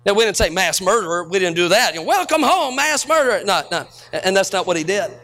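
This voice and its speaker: A man preaching a sermon in an unusually high voice. His tone is bright and sharp, and he tells stories before climbing to shouted peaks. He sounds middle-aged and speaks as the pastor. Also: fairly even intonation, fast talker.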